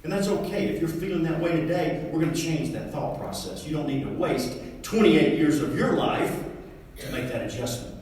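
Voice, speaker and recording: A man's voice: a little high, moderate pace, a little mellow. Folksy man in an echoey hall. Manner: folksy storytelling, acting out dialogue with his father. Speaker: motivational speaker. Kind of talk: motivational speech to a live audience. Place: large hall with an audience. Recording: echoey hall, mic far off.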